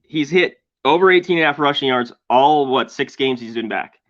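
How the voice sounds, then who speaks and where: Dude giving his betting picks, rambly and relaxed, kinda muffled sound. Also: mid-range voice, normal speed. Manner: loose, rambling, casual. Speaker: sports betting handicapper. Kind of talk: casual sports betting chat.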